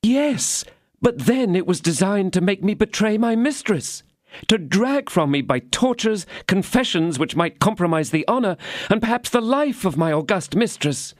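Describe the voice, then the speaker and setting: A man voicing a fierce, scornful young woman in an audiobook, speaking in an indignant, cutting way with a raised pitch. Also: lively intonation, normal speed, dry recording, studio quality. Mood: accusing.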